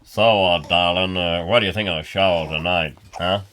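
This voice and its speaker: A man voicing a gruff, pie-loving old rustic puppet mascot in a deep drawling voice. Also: fairly even intonation, moderate pace, fairly bright tone, slight background noise. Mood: folksy drawl.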